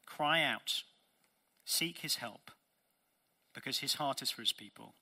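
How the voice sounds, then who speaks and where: A man's voice: medium pitch, a little slow, vocal fry, pushed and bright. A man preaching a sermon as pastor, earnest and emphatic, posing rhetorical questions to his congregation.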